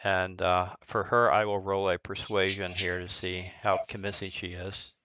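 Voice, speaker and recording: A middle-aged man narrating a live-streamed tabletop game as dungeon master, describing scenes in a halting way with lots of fillers. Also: sits low, little pitch movement, pushed and bright, rough recording.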